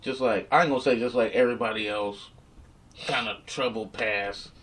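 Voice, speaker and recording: A man telling his story to an interviewer in a rambling, profane, rapid-fire way, with a slight slur from a dental retainer. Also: lowish voice, steady tone, a bit bright. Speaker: interview guest. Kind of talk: casual storytelling chat. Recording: distant from the mic.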